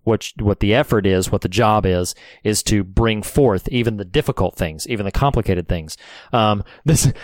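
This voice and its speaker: Man, podcast co-host, earnest, reflective, smooth resonant voice, close dry sound. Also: lowish voice, dry recording. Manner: earnest, reflective, many restarts. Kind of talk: casual film discussion.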